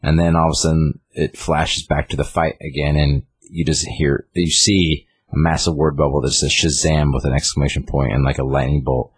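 A man's voice: extremely low pitch, level tone, moderate pace, hardly any pauses, breathy edge. A man casually retelling a comic book story on a podcast, rambling with lots of fillers. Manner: rambling, lots of fillers, reads out character lines.

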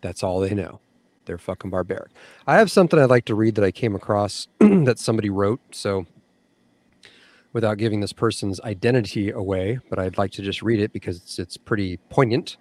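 A man's voice: on the low side, brisk, a little mellow, dry recording. Blunt, cursing male podcast co-host. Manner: blunt, swears freely. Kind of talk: casual opinionated chat.

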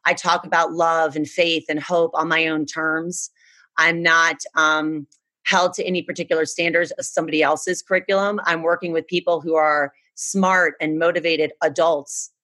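A woman's voice: low-pitched, little pitch movement, normal speed, pushed and bright. A woman from the United States, earnestly telling a personal story in a casual chat. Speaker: guest.

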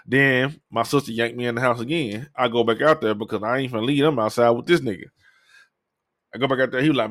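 A man's voice: medium pitch, fast, fairly bright tone, no room sound. Guy on a podcast telling a story, swears a lot, does the other people's lines, mid voice, dry no-room sound. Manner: loose, profane, acts out other people's lines. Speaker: podcast host. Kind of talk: casual storytelling.

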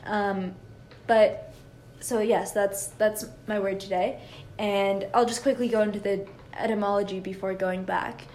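A woman's voice: mid-range voice, little pitch movement, a little slow, hardly any pauses, a little mellow. Woman cohost who keeps tripping over words and laughing it off, faint hiss behind. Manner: laughs at herself, stumbles and self-corrects. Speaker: podcast co-host. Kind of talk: casual chat.

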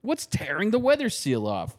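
Male host, slightly high voice, lively swearing storyteller, casual chat. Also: normal speed. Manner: profane, animated storytelling. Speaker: podcast host.

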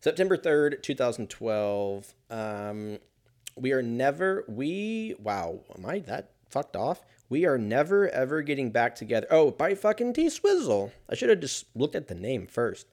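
A man's voice: medium pitch, sing-song, unhurried, a little mellow. A man talking alone in a casual monologue as a podcast host, rambling and swearing and often laughing.

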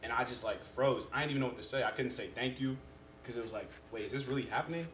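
A young man in casual conversation as a podcast guest, telling stories in an animated way and acting out what people said. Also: mid-range voice, fast, slight background noise. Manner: animated storyteller who acts out quotes. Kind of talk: casual chat. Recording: roomy echo.

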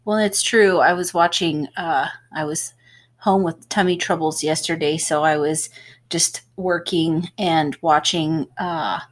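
A woman's voice: sits low, steady tone, a little slow. A woman, a home health nurse, co-hosting a casual podcast and explaining at length with small laughs.

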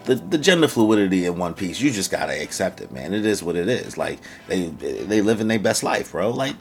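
A young man with a very low voice rambles through a casual chapter review, full of slang and quick quoted voices. Faint music plays softly under his talk. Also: sing-song, creaky. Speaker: anime reviewer.

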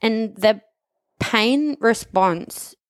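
A woman's voice: fairly high pitch, very slow, dry recording, clean studio sound. A woman in casual conversation, candidly and emotionally telling a personal story of recovery. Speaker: gym member telling her recovery story.

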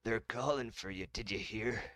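A man's voice: fairly low pitch, normal speed, a bit bright, lightly acted. A man voicing a large-bellied, middle-aged mechanic who runs a flight deck and talks in a plain, easygoing way.

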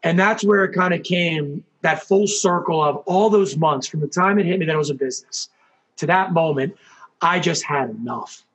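Guy telling a story in an interview, pretty high voice, acts out all the quotes, lots of likes and you knows. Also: normal speed. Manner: animated storyteller, acts out quotes, many fillers. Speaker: guest, hockey coach and former player.

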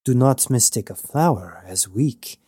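A man doing a sly, smooth-talking pirate. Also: mid-range voice, lively intonation, dark tone, no echo, studio quality. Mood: smooth, teasing. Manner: smooth and unhurried. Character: sly, charming male pirate with a gentle voice.

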